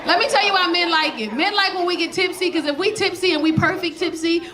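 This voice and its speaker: A woman in her forties performing a loud, animated stand-up set with crowd work, telling stories to a live audience. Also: very high-pitched, a little fast. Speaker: stand-up comedian. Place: comedy club stage with live audience. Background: audience laughter.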